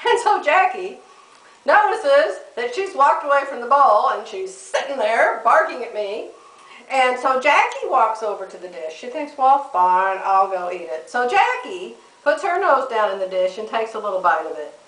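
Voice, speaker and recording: A woman's voice: a little high, sing-song, moderate pace, a bit bright. A middle-aged woman chatting to camera, telling a funny story and laughing often. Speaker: vlogger. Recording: echoey room, mic at a distance.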